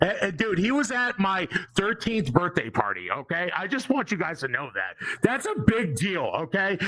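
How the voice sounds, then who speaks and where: A man's voice: high voice, rough recording. Rowdy, profane man doing stand-up. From Boston, Massachusetts. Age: 40s. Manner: loud, profane, teasing the crowd. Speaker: amateur stand-up comic at a VR community event. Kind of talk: improvised stand-up comedy. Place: spare bedroom at home.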